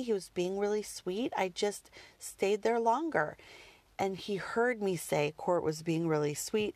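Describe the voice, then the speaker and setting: A woman's voice: medium pitch, darkish tone, no echo. Woman, mother, casual candid chat; rambling delivery, dry close recording. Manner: candid, rambling, full of "like" and "you know".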